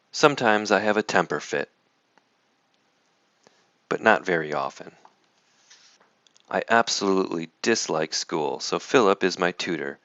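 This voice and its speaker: A storybook reader with a very low, smooth voice reads a children's picture book aloud with lively expression. The recording is dry, close, and a little muffled.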